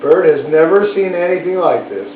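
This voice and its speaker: A man reading a picture book aloud to his pet bird at home, gentle and chatty, stopping for asides to his pet. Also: on the high side, expressive, moderate pace. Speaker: storybook reader to a pet bird. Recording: tinny, echoey, from far off, faint hiss.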